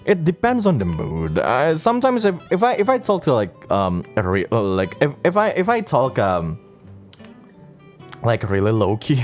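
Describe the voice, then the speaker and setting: A young man from Indonesia, chatting casually and playfully as a streamer answering viewer questions, with tiny guitar music behind him. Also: normal speed. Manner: playful, teasing, often jumps into a high excited voice. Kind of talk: casual chat. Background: faint guitar music.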